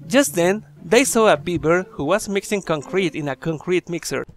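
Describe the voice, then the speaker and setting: A man's voice: high-pitched, normal speed, faint music behind. A man reading a children's horror story aloud, breaking off for chatty, joking asides to the listeners.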